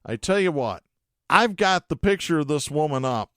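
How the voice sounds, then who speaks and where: A man with a high, smooth and clean voice reads news stories on his podcast. He stops to add sarcastic, indignant remarks of his own. The sound is dry and close, with no room around it. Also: animated, normal speed, a bit bright, no echo. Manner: sarcastic, indignant asides between read stories. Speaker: podcast host. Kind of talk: reading news stories with commentary.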